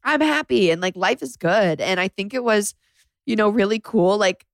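A woman's voice: mid-range voice, moderate pace, creaky, dry recording. Candid woman rambling into a dry mic. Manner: candid, rambling, heavy use of "like"; emotional, close to tears at times. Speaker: podcast host. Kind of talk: confessional solo podcast monologue. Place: bedroom floor, indoors. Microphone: podcast microphone.

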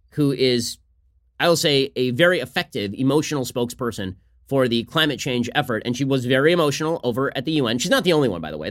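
A man hosting a political podcast, talking fast in a combative, sarcastic solo commentary. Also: medium pitch.

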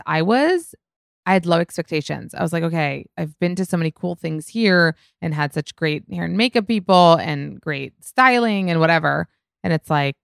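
Chatty low-voiced woman with an Israeli accent. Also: gravelly, smooth, dry recording, clean studio sound. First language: Hebrew. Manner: chatty, swearing, heavy use of "like". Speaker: podcast host. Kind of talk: solo podcast chat.

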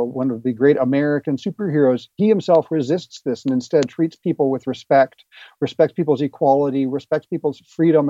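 Earnest author on a dull lo-fi line. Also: male voice, on the high side, dark tone, no room sound. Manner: earnest, explanatory, hesitant fillers. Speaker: author and guest. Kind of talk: remote interview.

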